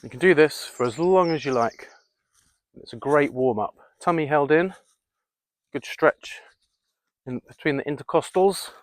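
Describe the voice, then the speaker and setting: A man's voice: on the high side, a little slow, pauses often, dry recording. A man leading an outdoor workout in the woods, coaching viewers through exercises and counting reps aloud. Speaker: fitness vlogger.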